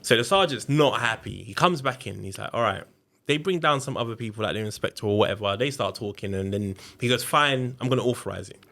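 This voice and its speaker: A man with a fairly low, creaky voice talks fast as a podcast guest, telling a story in a casual, slangy way. He's animated and acts out the voices of the people in it.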